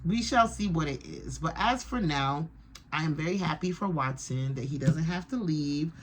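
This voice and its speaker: A woman's voice: low voice, expressive, moderate pace, slight background noise. Chatty woman rambling through a recap. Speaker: TV reaction vlogger. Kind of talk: casual episode recap.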